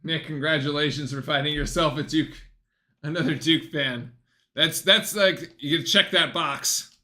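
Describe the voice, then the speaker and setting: A man at home giving casual, excitable live play-by-play commentary on a basketball game for his stream. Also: on the high side, measured pace. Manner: chatty, excitable, breaks off to talk softly to his dog.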